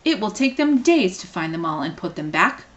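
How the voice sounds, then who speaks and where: A woman's voice: on the low side, big pitch swings, normal speed. A woman voicing a proper, earnest male Stegosaurus in a storybook read-aloud.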